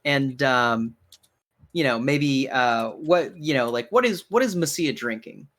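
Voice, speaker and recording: A man's voice: medium pitch, animated, a little slow, fairly bright tone. A man narrating as game master, rambling with many fillers.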